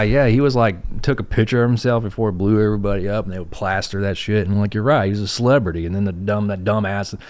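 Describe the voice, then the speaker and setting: A man's voice: lowish voice, darkish tone. Profane West Virginia man, blunt. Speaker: podcast guest. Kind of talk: casual chat. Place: Oklahoma City.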